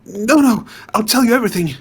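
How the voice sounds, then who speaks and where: A man's voice: a little high, big pitch swings, slow, breathy edge, exaggerated voice. A man voicing a dazed, hungover sailor who is caught hiding, in a fan dub. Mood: sheepish. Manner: dazed and jokey.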